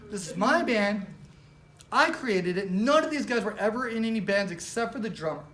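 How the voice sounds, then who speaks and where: A woman giving an animated, casual storytelling talk with lots of fillers, speaking as a presenter at a business training. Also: mid-range voice, moderate pace. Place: event room with a live audience. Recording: roomy, distant mic, faint background noise.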